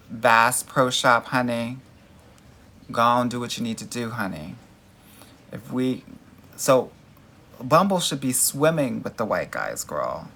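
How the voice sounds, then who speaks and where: Answering viewer comments on a dating livestream, a man speaks in a mid-range voice with a bright, forceful tone. He's sassy and emphatic, calling viewers girl and honey in a casual chat.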